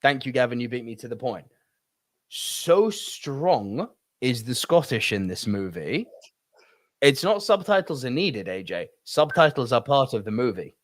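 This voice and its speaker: A man in his thirties co-hosting a casual film podcast, pressing his points hard and swearing freely. His voice sits at an ordinary middle pitch. The sound is close and dry, with no room around it. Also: sing-song, measured pace, dry recording. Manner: emphatic, swearing, ranting. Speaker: podcast co-host.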